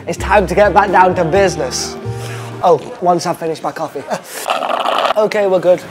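A man's voice: high-pitched, steady tone, measured pace, loud music behind the voice. A young man, hosting a comic vlog in a playful, self-mocking showman manner. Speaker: vlogger.

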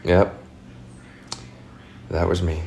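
Low-voiced young man chatting on a livestream. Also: level tone, extremely slow, a little mellow, a little hiss or hum. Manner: reads out viewer comments and thanks gifts. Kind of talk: casual livestream chat.

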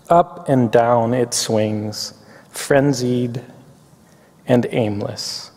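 A man preaching a chapel sermon, reading poetry slowly and reflectively, getting a little weepy. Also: medium pitch, steady tone, vocal fry, mellow, slightly rough. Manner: reflective, reads poetry slowly, tearful at times. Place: campus chapel. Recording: long hall reverb.

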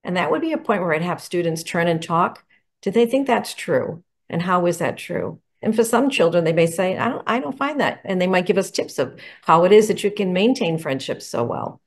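Lady teacher walking through book covers, upbeat, a bit low voiced. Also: lively intonation, normal speed. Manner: enthusiastic, explanatory, poses questions. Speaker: educator presenting picture books. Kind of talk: instructional talk to teachers.

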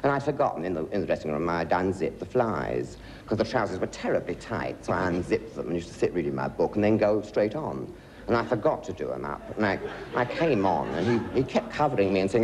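Male chat-show guest, 50s, theatrical, lively swoops, slightly low voice. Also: fairly quick, very noisy. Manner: theatrical, swooping voice, acts out quotes. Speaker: guest comedian. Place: television studio.

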